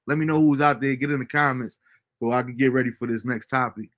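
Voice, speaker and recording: A man hosting a casual livestream show, reading out viewer comments with a relaxed, chuckling manner. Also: mid-range voice, moderate pace. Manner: laid-back, chuckling often, fillers like um. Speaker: host.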